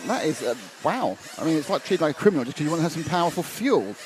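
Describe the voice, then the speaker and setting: At an outdoor track, a man gives fast live commentary on a model car race, chatting and rambling through viewer comments. His voice is fairly high with big swings in pitch, and engine noise fills the background.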